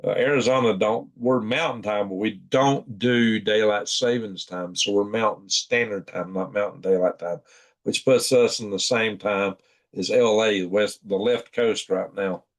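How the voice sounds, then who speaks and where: A man's voice: on the low side, steady tone, normal speed. A sleepy man, hosting a casual late-night livestream, chuckling and reading chat aloud in a folksy drawl. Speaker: livestream host.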